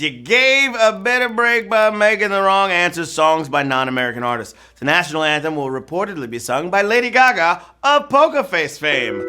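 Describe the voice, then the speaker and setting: A man hosting a live trivia game show, goofy and teasing, squealing high and singing bits with faint music behind. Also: expressive, moderate pace, few pauses, bright, forceful tone. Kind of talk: live-streamed trivia hosting, playful banter. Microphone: phone.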